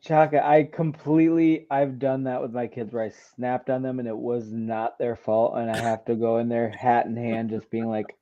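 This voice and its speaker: A man's voice: medium pitch, flat delivery, normal speed, few pauses. A man in his thirties chatting casually as co-host, laughing often and riffing with jokes. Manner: laughs often, jokey reactions. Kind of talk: casual chat. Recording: dull lo-fi sound.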